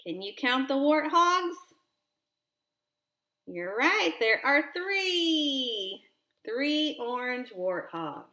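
A woman reads a counting picture book aloud, very slowly and with expression, stopping to ask a child gentle questions. Her voice sits a little high. A roomy echo hangs around it. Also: sing-song.

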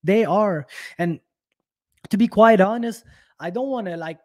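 A man's voice: high voice, moderate pace. A young man, hosting a talk show and ranting angrily, swearing often and stumbling over repeated words. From Quebec. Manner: heated, profane, repetitive restarts. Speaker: podcast host. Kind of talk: angry casual rant.

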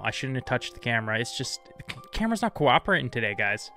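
A man's voice: mid-range voice, very animated, fast talker, few pauses, bright, forceful tone, soft background music. A man hosting a tabletop game stream, chatty and joking, often apologizing as he introduces the players. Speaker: host. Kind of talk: casual stream chat.

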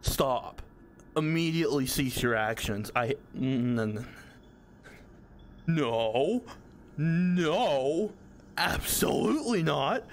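A man's voice: a little high, lively intonation, very slow, long pauses, slight background noise. A young man giving nervous, jumpy commentary while playing a horror game, swearing and pleading with what he sees. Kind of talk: nervous let's-play commentary.

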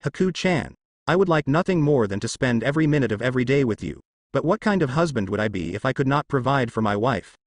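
An affectionate young male ninja, earnest and tender, read by a man in his own voice. The delivery is lively in pitch and the sound is dry and close. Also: fast, no room sound, lightly acted.

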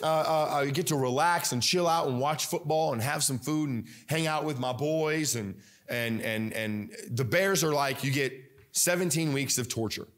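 Pastor, sermon delivery, slightly high voice, chatty and animated, lots of fillers and restarts. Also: male voice, moderate pace, few pauses.

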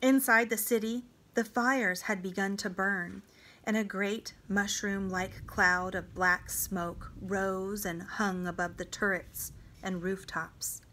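Woman reader for a student audiobook; slow, dramatic, deliberate narration. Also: medium pitch, steady tone, bright, forceful tone, slight background noise. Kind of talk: reading a novel aloud.

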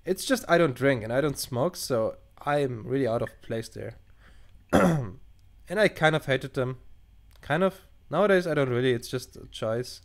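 A man's voice: mid-range voice, lively intonation, normal speed. A man playing a chat-based game, reading the dialogue aloud and cutting in with sarcastic, crude asides. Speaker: let's play gamer. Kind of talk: casual let's play commentary. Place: at home at a computer.

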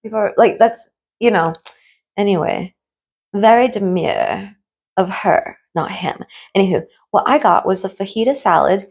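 A woman in a casual mukbang chat, eating and rambling in a hushed tone, full of fillers and the odd swear. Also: mid-range voice, normal speed, gravelly, slightly rough. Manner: speaks in a hushed tone while eating. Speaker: food vlogger and streamer.

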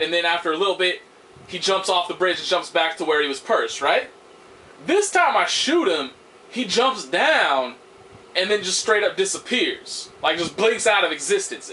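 A man's voice: sits high, pushed and bright. A young man giving casual gameplay commentary, frustrated and swearing as he rambles. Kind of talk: casual let's-play commentary.

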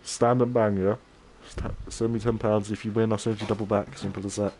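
Streaming a fighting game, a young man speaks in a low-side, somewhat mellow voice with little pitch movement, a little fast, over slight background noise. His live commentary is cocky trash talk aimed at chat, daring viewers to bet.

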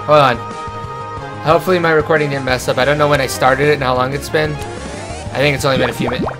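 A man's voice: medium pitch, fairly even intonation, fast, over music. A young man hosting a let's play, chatting casually and reading game dialogue aloud in his own voice. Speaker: gaming channel host.

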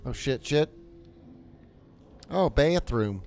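A man's voice: mid-range voice, lively intonation, drawn-out words, a little mellow. A man streaming a horror game, chatting casually to viewers, jokey and swearing as he plays. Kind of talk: casual live game commentary.

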